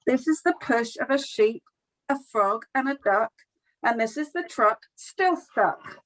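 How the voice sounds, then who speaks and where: A middle-aged woman leading a children's storytime over a video call, reading a picture book aloud in an animated, expressive, friendly way. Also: fairly high pitch, a little slow, poor audio. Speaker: storytime session leader.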